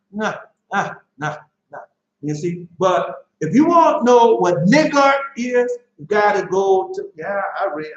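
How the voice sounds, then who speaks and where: A man preaching a sermon, reading scripture aloud and breaking off to comment emphatically, with rhetorical questions and bursts of shouting. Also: sits high, roomy sound, highs cut off.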